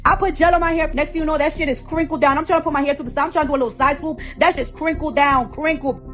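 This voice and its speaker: A woman's voice: sits high, fairly even intonation, racing, fairly bright tone, faint music behind. A woman ranting off the cuff as the founder of a hair product, profane and confrontational, repeating phrases over and over. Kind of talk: heated off-the-cuff rant.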